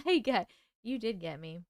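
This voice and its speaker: A woman's voice: medium pitch, very animated, takes it slowly, no echo, clean studio sound. A woman hosting a casual live stream, chatting bubbly and thanking viewers by name. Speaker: livestream host.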